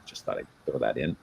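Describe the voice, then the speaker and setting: Low husky man chatting haltingly. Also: highs cut off. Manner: halting, many fillers and restarts, chatty explaining. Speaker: genealogy show co-host. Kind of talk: casual chat.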